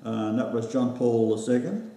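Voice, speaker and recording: A man with an Australian accent, hosting a casual chat, rambling and halting with many fillers. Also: medium pitch, dark tone. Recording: very echoey room, voice distant from mic.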